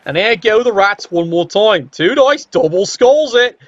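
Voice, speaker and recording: A man giving casual, sarcastic and excitable play-by-play commentary on a tabletop-style sports video game. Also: high voice, unhurried, no room sound, lo-fi sound.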